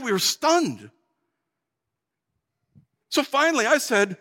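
Man, dramatic first-person sermon, animated, exclamatory, high voice, long reverb. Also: takes it slowly, pauses often. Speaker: preacher.

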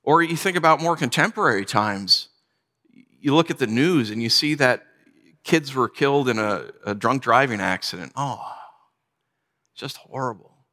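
Guy in his 40s preaching, chatty storyteller, bright edgy voice, big echoey hall. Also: medium pitch, expressive, moderate pace. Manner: storytelling, conversational, dropping to quiet for sad moments. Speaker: pastor. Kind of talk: sermon.

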